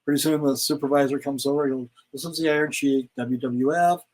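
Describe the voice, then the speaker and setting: An older man, a guest in a casual interview, telling stories in an animated way and acting out quoted lines. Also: mid-range voice, fast, poor audio. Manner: animated storyteller, acts out quotes. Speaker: guest, retired pro wrestler.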